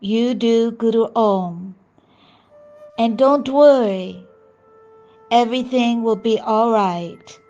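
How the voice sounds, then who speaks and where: A woman's voice: fairly high pitch, slow, pauses often, mellow, dull audio, soft background music. A soothing old guru, as a woman quotes him. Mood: reassuring. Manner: soothing and reassuring. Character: kind, gentle elderly male guru.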